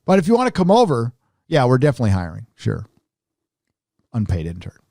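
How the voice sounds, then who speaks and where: A man's voice: mid-range voice, wildly swooping pitch, a little fast, creaky, dark tone, dry recording, studio quality. A middle-aged man hosting a casual commentary show, talking in a sarcastic, mocking way. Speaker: host.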